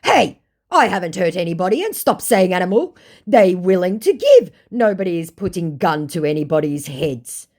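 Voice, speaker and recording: A woman's voice: fairly low pitch, big pitch swings, moderate pace, darkish tone, voice pushed up. An Australian woman mimicking a defensive young male scammer. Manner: defensive, dismissive.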